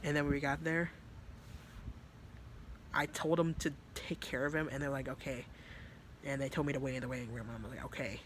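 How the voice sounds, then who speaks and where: A man's voice: medium pitch, little pitch movement, a little fast, pauses often, a bit bright, slight background noise. A man telling a story in a casual, rambling way, full of fillers and swearing. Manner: rambling, filler-heavy and profane. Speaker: vlogger.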